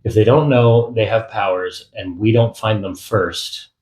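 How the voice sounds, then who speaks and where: A man voicing a determined, quick-tempered young woman in an audiobook, pressing everyone urgently. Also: on the low side, darkish tone, reverberant, close to an everyday voice, rough recording. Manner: urgent and insistent. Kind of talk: audiobook character voice.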